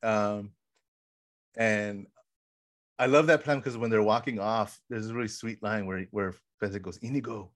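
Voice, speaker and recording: A man co-hosting a casual podcast, excitedly retelling film scenes with lots of fillers and acted-out quotes. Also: lowish voice, a little slow, long pauses. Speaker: podcast co-host. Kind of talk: casual film rewatch chat.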